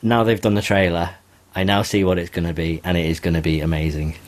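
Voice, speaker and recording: A man's voice: deep voice, flat delivery, fast talker. A man co-hosting a podcast, chatting casually, teasing and enthusiastic. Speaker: podcast co-host. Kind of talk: casual chat.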